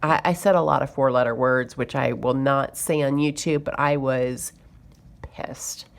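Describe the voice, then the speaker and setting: A woman's voice: extremely low pitch, fairly even intonation, normal speed, creaky. A woman chatting to camera as a budgeting vlogger, telling a story in a chatty, exasperated way. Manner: chatty, exasperated retelling with fillers. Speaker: budgeting YouTuber.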